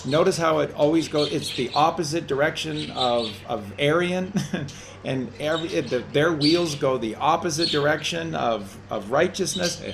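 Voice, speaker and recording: A man's voice: a little high, moderate pace, creaky, background noise. A man co-hosting a community call-in chat, rambling and often restarting and repeating his words. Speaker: co-host.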